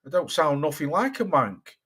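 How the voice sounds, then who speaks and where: A man's voice: fairly high pitch, very animated, normal speed, a bit bright, slightly rough. A man with a mixed Cheshire and Staffordshire accent hosting a boxing livestream, chatting casually with viewers, rambling and swearing often. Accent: mixed Cheshire and Staffordshire English. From Cheshire, England. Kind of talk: casual live-stream chat reading viewer comments.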